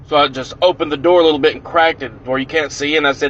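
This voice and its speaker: A man telling a comic prank story in an animated, profane, punchy way. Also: a little high, quick pace, hardly any pauses, dull audio.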